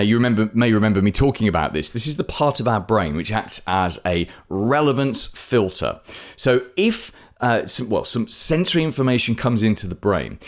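A man hosting a business podcast, talking solo in a chatty way with self-mocking asides. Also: mid-range voice. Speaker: podcast host.

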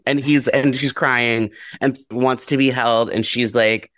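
A man of middle pitch chats as a podcast guest about a book, animated and blunt, with casual swearing. He acts out quoted lines with sudden jumps in pitch. The sound is close and dry. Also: slow pace, no room sound.

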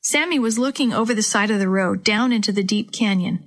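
A woman narrating a children's story aloud in a clear, even storytelling way. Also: mid-range voice, brisk, hardly any pauses.

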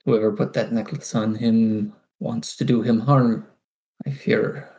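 Slow, gravelly-voiced man playing his character. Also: fairly low pitch, fairly even intonation, a little mellow. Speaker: player. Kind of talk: in-character role-play.

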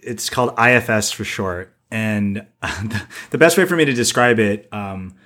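Speaking on the low side at a moderate pace, this man co-hosts a podcast in a rambling, casual way, with "like" turning up constantly. His delivery sounds pushed and bright.

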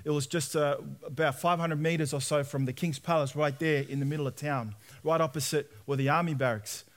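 A briskly spoken young man with a higher-leaning voice preaches from his own experience, an Australian giving a lively sermon testimony in which he acts out the quoted voices.

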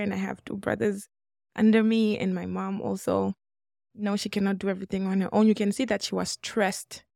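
In a clean studio recording with no echo, a Congolese woman in her twenties guests on a podcast interview. Her mid-range voice is creaky and a little mellow as she earnestly tells her life story, acting out dialogue she remembers.

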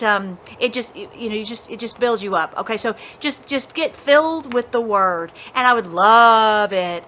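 A woman's voice: on the high side, pushed and bright. A middle-aged woman teaching a casual Bible study from her rural home, rambling and enthusiastic, with many restarts and laughs.

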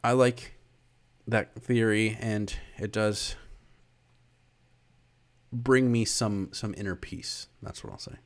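A man's voice: on the low side, fairly even intonation, slow, long pauses. A man co-hosting a casual podcast chat, swearing freely and ranting about films. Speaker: podcast co-host.

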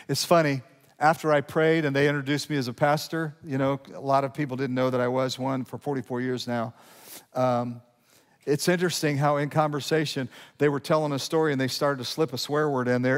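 A middle-aged man preaching a sermon to his congregation in a conversational way, often restarting his sentences and slowing down to read verses. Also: fairly high pitch, steady tone. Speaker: pastor. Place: church sanctuary. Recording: long hall reverb.

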